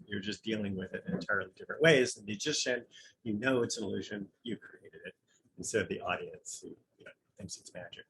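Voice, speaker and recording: A man's voice: lowish voice, fairly bright tone, slight background noise, low-quality recording. A man, a Zen Buddhist priest, giving an informal dharma talk, musing and conversational as he thinks aloud with a light touch of humor.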